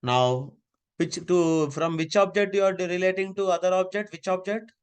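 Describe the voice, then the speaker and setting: A man's voice: high-pitched, normal speed, clean tone. A man teaching a live online class over a video call, giving repeated step-by-step instructions.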